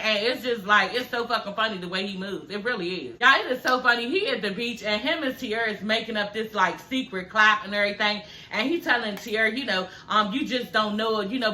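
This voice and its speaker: A woman doing an animated, profane, laughing recap of a reality show in casual chat. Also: fairly high pitch, roomy sound. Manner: animated, cussing, laughing often.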